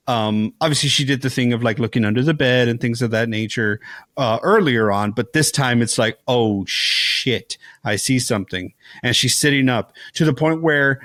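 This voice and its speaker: A man on a podcast, telling a scary film scene in loose, casual chat. His delivery is animated and full of "like"s and restarts, and he keeps slipping into the characters' lines. The sound is close and dry, with no room in it. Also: medium pitch, no echo. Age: young adult to middle-aged, a father. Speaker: podcast co-host.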